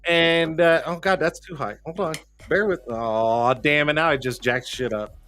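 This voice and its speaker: A man's voice: on the high side, moderate pace, fairly bright tone. A man hosting a live-stream show in casual chat, rambling and cursing, joking at his own expense while fumbling with the setup. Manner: rambling, cussing, self-deprecating, jokey; flustered, talking to himself while fixing tech. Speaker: livestream show host. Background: faint background music.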